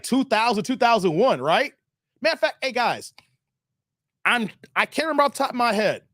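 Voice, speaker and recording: A man in his thirties hosting a casual live stream, animated and laughing often, his voice a little strained from long streaming. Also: high-pitched, no room sound, studio quality. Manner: animated, laughs often, breaks into playful sung bits. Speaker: live stream commentary host. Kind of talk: casual live stream chat reading donations.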